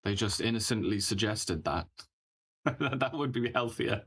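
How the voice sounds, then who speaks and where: Lower-voiced male co-host, sarcastic and scornful. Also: unhurried, a bit bright, husky. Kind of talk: casual political talk show chat.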